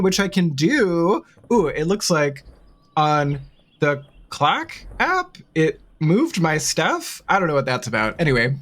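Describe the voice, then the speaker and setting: A woman streamer chatting casually with her live chat, bubbly and quick to laugh, on a desk mic. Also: lowish voice.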